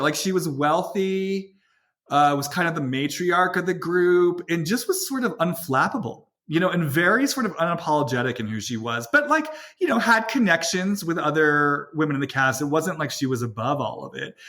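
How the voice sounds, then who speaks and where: A man with a fairly high voice hosts a relaxed podcast chat. He muses at length, circling his points with filler words and quoted asides. He sounds like he is thinking aloud. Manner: reflective, thinks aloud with many "like" and "you know". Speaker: podcast host. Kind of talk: casual chat.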